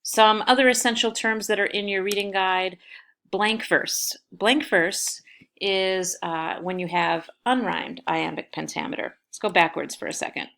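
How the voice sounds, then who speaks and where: A woman teacher talks through her lecture slides at a patient, explaining pace. Her voice sits low and has a gravelly edge. She often pauses on small fillers as she goes. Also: steady tone, a bit bright. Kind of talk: recorded lecture over slides.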